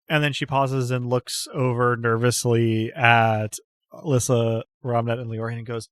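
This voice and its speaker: A man's voice: medium pitch, level tone, a little slow, clear, resonant tone, dry recording, studio quality. A man narrating as game master, loosely, with many fillers.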